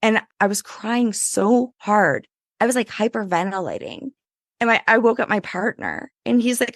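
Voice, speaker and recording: Animated woman, creaky voice. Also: on the high side, normal speed, no room sound, clean studio sound. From Louisiana. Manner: animated, full of "like", acts out voices in her story. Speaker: guest. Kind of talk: casual interview storytelling.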